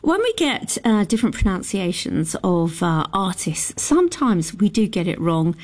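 A woman's voice: medium pitch, sing-song, moderate pace, darkish tone. A woman radio presenter chatting casually and self-deprecatingly between songs.

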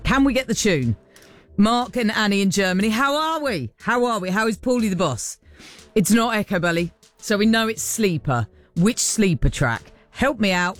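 Playful woman radio presenter, lively pitch. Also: dry recording. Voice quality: chatty and playful, laughs at herself. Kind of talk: casual radio chat with listeners. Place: radio studio. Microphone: studio microphone.

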